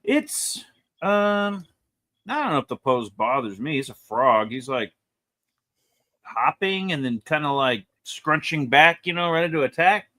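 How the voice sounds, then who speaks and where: A man reviewing comic books in casual chat, animated and rambling, laughing often as he talks. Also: fairly high pitch, a little slow.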